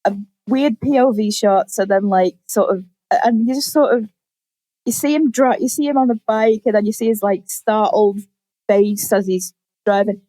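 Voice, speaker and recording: A young woman on a podcast, casually telling a story with lively acted-out quotes and plenty of swearing. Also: medium pitch, normal speed, no room sound. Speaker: podcast co-host. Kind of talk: casual chat.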